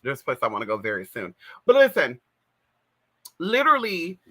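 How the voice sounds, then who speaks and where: Animated trans woman spilling gossip. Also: low-pitched, normal speed, breathy edge. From California. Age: 30s. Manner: gossipy, animated, full of "girl" and "y'all" asides. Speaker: livestream host. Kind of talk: casual storytelling livestream. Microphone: plug-in mic on a live stream.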